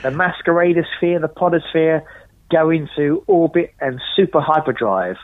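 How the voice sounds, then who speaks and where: A man's voice: on the high side, normal speed, dry recording. A man chatting as a podcast guest, talking in an emphatic, theatrical, rhetorical way. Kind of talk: casual chat. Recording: tinny phone line.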